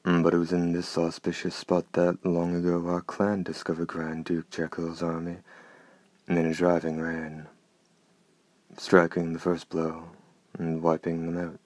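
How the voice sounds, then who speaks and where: A man voicing a soft-spoken, menacing, courtly male night stalker in an audiobook. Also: low voice, monotone, unhurried, dry recording. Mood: moved, exultant. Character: gloomy, gorgeous-voiced male night stalker. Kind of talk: audiobook character reading.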